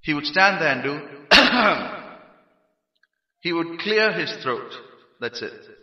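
A man from India preaching a sermon, emphatic and rising to shouts on key phrases. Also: a little high, animated, normal speed. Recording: roomy hall, dull lo-fi sound.

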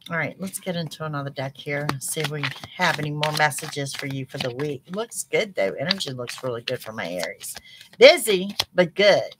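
A woman reading tarot cards for her viewers in an animated, chatty way, talking straight to them. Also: low-pitched, normal speed, noisy background. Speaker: psychic tarot reader.

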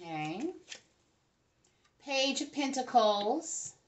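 A woman's voice: fairly high pitch, lively intonation, very slow. Chatty woman giving a tarot reading. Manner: chatty, talks to spirits and viewers, frequent "okay?". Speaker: tarot reader. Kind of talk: casual tarot reading to viewers.

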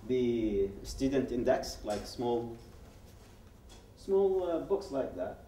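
Speaking slowly but with great animation, this medium-pitched man has a warm tone, and a little hiss or hum sits under the audio. He's a Yemeni guest speaker sharing personal testimony in story form at a public event, performing the quoted dialogue and often starting sentences over. The event hall is roomy, and he's far from the microphone.

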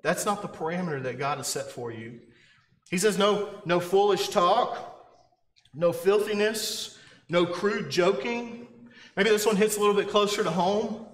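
A man preaching in a church with a fairly high voice. He sounds earnest and insistent, circling back over his phrases and asking his listeners questions. His words ring out in a roomy hall with a long echo. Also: a little slow. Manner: earnest, repeats phrases, asks the congregation questions. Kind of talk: sermon. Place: church sanctuary.

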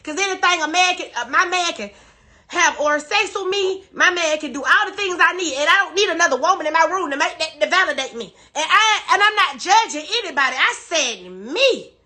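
A woman's voice: very high voice, expressive, brisk, pushed and bright. A woman crying while she rants defensively and profanely on a phone livestream, repeating herself. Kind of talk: emotional live-stream rant.

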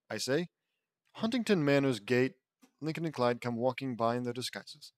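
A man reads fan fiction aloud in a casual, unpolished way, stumbling and correcting himself along the way. His voice sits at a middle pitch. The recording is close and dry, with no room sound. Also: expressive, normal speed, no echo. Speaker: audiobook reader.

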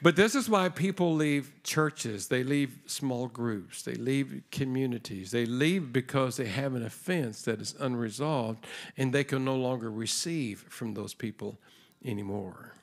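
On stage in front of a church congregation, a guest preacher speaks in a mid-range, unhurried voice. His sermon is conversational, built around a story whose dialogue he performs himself.

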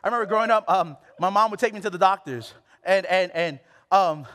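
High-voiced man preaching in a reverberant hall. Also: fairly quick, fairly bright tone. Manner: candid, self-deprecating, repeats phrases for emphasis. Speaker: pastor. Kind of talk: sermon.

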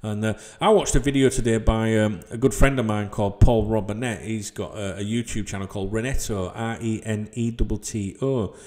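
A man's voice: fairly low pitch, fairly even intonation, brisk, few pauses, a little mellow. A middle-aged man, ranting bluntly and swearing freely about football in a vlog to his subscribers. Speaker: football channel vlogger. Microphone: desk microphone.

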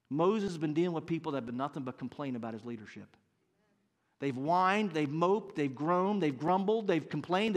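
A man in his fifties preaching a sermon as pastor, earnest and building to loud, emphatic bursts. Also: fairly high pitch. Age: 50s.

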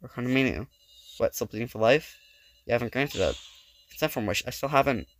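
A man's voice: medium pitch, fairly quick, a little hiss or hum. A man hosting a let's play, reading game dialogue aloud with dramatic, stammering readings and reacting as he plays.

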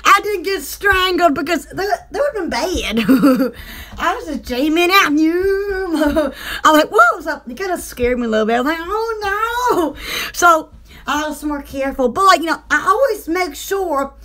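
A woman's voice: extremely high pitch, animated, measured pace, bright, forceful tone. A woman hosting a casual livestream, chatting in a giggly, rambling way. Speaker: channel host.

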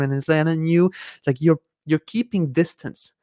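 A man teaching marketing on a live stream, getting excitable, laughing often and restarting his sentences with many fillers. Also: on the high side, moderate pace, dry recording, clean studio sound.

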